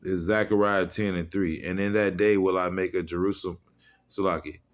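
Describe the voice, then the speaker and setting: A low-voiced man preaching in a fiery, mocking rant. He swings between loud, pushed outbursts and muttered asides, and he reads scripture in old-style wording. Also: steady tone, moderate pace. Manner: fiery, mocking, profane, drops into quiet asides. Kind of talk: heated religious video rant.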